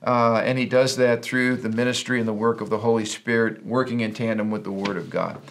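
A man's voice: mid-range voice, fairly even intonation, fairly quick, creaky. A middle-aged man, a pastor and podcast co-host, talking in an earnest, preachy storytelling way. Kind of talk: casual Christian podcast talk.

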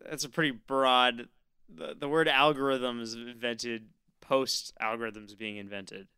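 A man co-hosting a casual podcast chat, making wry deadpan jokes. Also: medium pitch, measured pace, clean tone. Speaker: podcast co-host.

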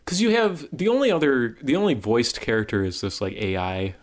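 A man co-hosting a podcast, chatting casually in an animated, rambling way that jumps up in pitch when he gets excited. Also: a little fast. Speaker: podcast co-host. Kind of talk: casual chat.

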